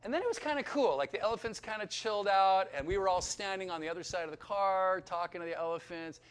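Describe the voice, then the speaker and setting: A man in his fifties giving a personal testimony to a crowd. His voice sits high and swings widely in pitch. He tells the story in an animated, chatty way and keeps checking in with his listeners. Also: fast, clear, resonant tone. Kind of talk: lively storytelling testimony to an audience.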